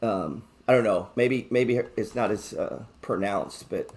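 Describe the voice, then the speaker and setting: This man's voice sits on the low side, with a darkish tone and a measured pace. Hosting a live stock market broadcast, he talks through his trades in a casual, joking way, swears freely, and reads out messages from viewers.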